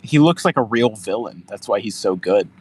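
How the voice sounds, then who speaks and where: A man's voice: lowish voice, animated, normal speed, slightly rough, no room sound, poor audio. A young man co-hosting a casual podcast chat, rambling, swearing freely and quoting movie lines. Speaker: podcast co-host. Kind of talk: casual chat reviewing a film trailer.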